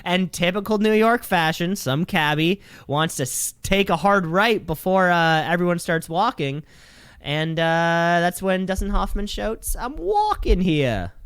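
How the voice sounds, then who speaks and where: A man co-hosting a podcast in casual chat, reading movie trivia in a quick, chatty way. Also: sits high, a bit bright, clear, resonant tone, dry recording. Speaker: podcast co-host.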